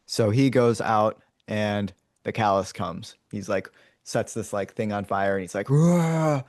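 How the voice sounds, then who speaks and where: A man with a fairly low voice tells a movie's story in a loose, rambling way, stopping to act out lines and roars. He speaks in a small, dry room with no echo. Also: darkish tone. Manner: rambling, many fillers and restarts. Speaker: podcast host retelling a movie. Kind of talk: casual storytelling to his brother.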